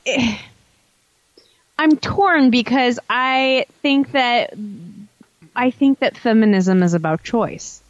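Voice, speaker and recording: A young woman co-hosting a casual podcast, thinking out loud in long, thoughtful turns with repeated words. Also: medium pitch, dry recording, highs cut off. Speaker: podcast co-host.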